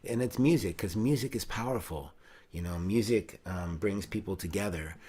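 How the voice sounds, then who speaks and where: A man's voice: low-pitched, normal speed, husky. A middle-aged man hosting a casual chat, rambling with many fillers and restarts. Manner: rambling, warm-hearted, breaks into singing. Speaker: host.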